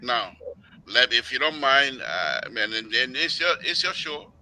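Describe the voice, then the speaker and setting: A man's voice: medium pitch, very animated, measured pace, pushed and bright, poor audio. A man speaking as a guest on a political panel, earnest and politely insistent on finishing his point.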